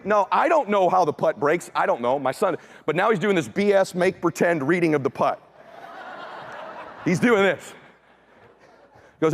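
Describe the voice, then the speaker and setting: A middle-aged man and motivational speaker who tells a story with animated energy, acts out the voices, and shouts for emphasis. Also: high voice, moderate pace, long pauses, a little hiss or hum. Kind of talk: storytelling talk.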